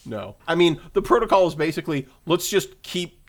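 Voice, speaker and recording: A man co-hosting a casual movie discussion, retelling the plot in a relaxed way. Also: on the high side, brisk, a crowd in the background. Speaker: podcast co-host.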